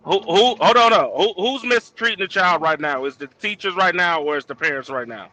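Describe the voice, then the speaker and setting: A man's voice: high voice, expressive, fairly quick, sharp tone, soft background music. A man calling in from his car, insistently cutting in with repeated questions. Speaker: caller. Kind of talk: casual call-in debate. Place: in a moving vehicle.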